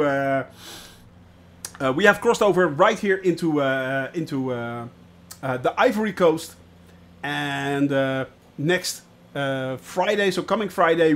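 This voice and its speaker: A man streaming a flight simulator, chatting to viewers in a relaxed way with many filler sounds. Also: on the high side. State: watery eyes, about to sneeze. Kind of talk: live-stream commentary.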